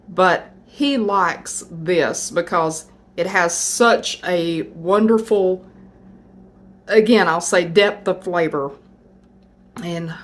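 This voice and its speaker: Slow-talking homey woman cooking host. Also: medium pitch, a bit bright. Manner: homey, chatty, folksy. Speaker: home cooking channel host. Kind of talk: casual cooking demonstration.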